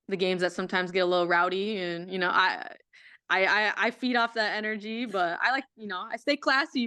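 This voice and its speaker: Smooth-voiced young woman, relaxed chat. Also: mid-range voice, no room sound. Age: young adult. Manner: repeats words, fillers, laid-back. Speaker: college athlete guest. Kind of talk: casual interview chat.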